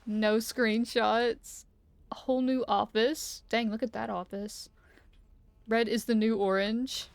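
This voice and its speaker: A chatty, giggly woman commentates live on a game from her room at home. Her voice sits a little high and playful. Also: level tone, takes it slowly, creaky, no echo. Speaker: streamer.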